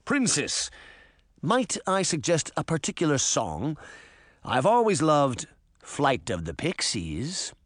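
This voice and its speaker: A man's voice: a little high, wildly swooping pitch, slow pace, a bit bright, no room sound, studio quality, heavily acted. A man voicing a formal, courteous male fairy in an audiobook. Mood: courtly. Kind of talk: audiobook character voice.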